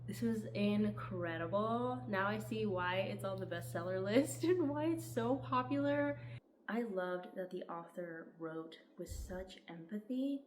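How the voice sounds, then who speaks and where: A young woman book vlogger gives a casual, enthusiastic and heartfelt book review sprinkled with "like." Her medium-pitched voice has lively intonation and an unhurried pace, with slight background noise.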